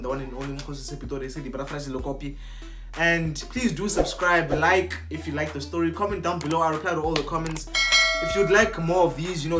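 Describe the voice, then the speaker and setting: A young man telling an excited storytime vlog, slangy and animated, acting out what people said. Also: a little high. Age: young adult. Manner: animated, slangy, acts out quotes. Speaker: vlogger.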